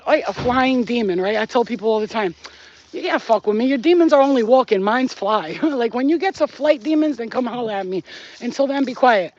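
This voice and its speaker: A woman's voice: on the high side, highs cut off. A woman hosting a spiritual channel, talking casually to camera in a blunt, emphatic and profane way.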